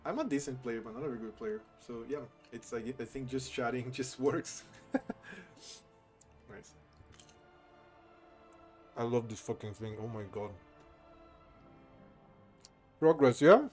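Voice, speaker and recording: A man's voice: mid-range voice, unhurried, pauses often, a little mellow, faint music behind. A young man whose first language is Portuguese, chatting casually and self-deprecatingly on a live stream in English.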